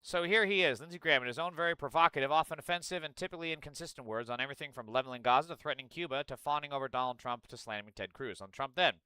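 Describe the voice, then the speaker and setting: A man's voice: on the high side, rapid-fire, few pauses, bright, forceful tone, clean tone, dry recording. A young man from the United States doing casual reaction commentary, reading news aloud and ranting with profane sarcasm. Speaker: political commentator.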